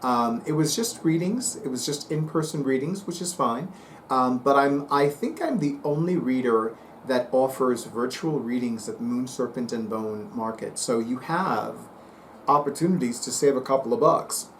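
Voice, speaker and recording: A man's voice: mid-range voice, moderate pace. Chatty guy vlogging to his channel, playful asides, middle voice, bit of faint hum behind. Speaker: psychic reader and YouTuber. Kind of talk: casual monologue to camera.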